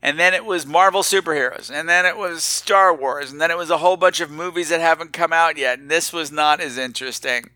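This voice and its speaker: A man hosting a podcast, telling a rambling, self-mocking story in a casual, animated way. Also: a little high, fairly quick, few pauses, no room sound. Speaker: podcast host.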